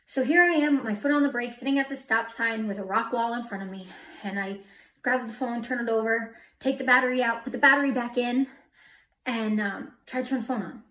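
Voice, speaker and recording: A woman's voice: on the high side, a little fast, fairly bright tone. A woman preaching a testimony sermon, telling her story dramatically and dropping to a whisper for emphasis. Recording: echoey hall from far off.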